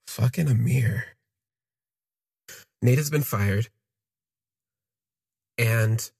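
Raspy low-voiced man telling his story. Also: darkish tone, dry recording, clean studio sound. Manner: halting, reflective, trails off and restarts. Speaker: podcast storyteller. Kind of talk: first-person storytelling monologue.

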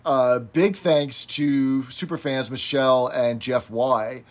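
A man's voice: mid-range voice, steady tone, slow. A man co-hosting a podcast in casual chat, easygoing and wry, steering the talk along. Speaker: podcast co-host.

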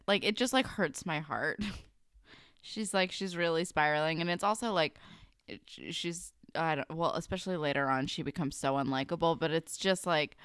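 Brief: young woman co-host, low smooth voice, dry close sound, frank and sympathetic with casual swearing. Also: fairly bright tone, no echo. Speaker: podcast co-host. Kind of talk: casual recap chat.

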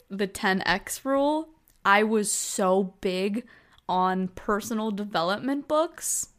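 A young woman talks casually straight into a close mic, her voice sitting in a middle pitch. She is giggly and self-mocking and keeps breaking into laughter. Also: fairly bright tone. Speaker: vlogger. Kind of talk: casual reaction vlog.

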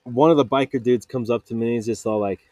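A man's voice: medium pitch, quick pace, dark tone, no echo. Rambling man in a dry home booth. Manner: digressive, self-mocking, quotes people in put-on voices. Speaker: podcast host. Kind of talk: rambling solo podcast monologue. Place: makeshift home vocal booth.

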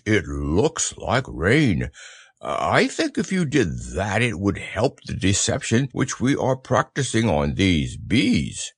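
A gentle, slow-witted teddy bear, as a male reader puts him on, musing in a slow, ponderous way. His low voice has a gravelly edge and drifts slowly through its words. It sounds like a storybook read aloud. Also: no echo, studio quality, exaggerated voice. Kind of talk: storybook character voice.

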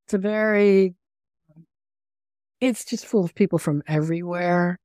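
A woman's voice: fairly low pitch, measured pace, a little mellow, dry recording, studio quality. An older woman from the United States, an author chatting as a podcast guest, telling anecdotes and laughing often. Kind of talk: casual conversation.

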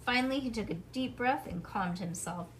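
A woman reads a children's storybook aloud at home with a fairly high voice. She breaks off for relaxed, chatty asides to her child. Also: normal speed, slight background noise. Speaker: parent reading aloud.

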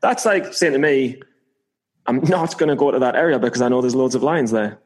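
A man with a middle-pitched voice chats on a podcast, hamming up his confessions with playful, theatrical weight. He talks loosely, with repeats and restarts. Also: a little fast, rough recording. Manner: playful, mock-dramatic confessions. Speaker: podcast co-host. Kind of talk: casual chat.

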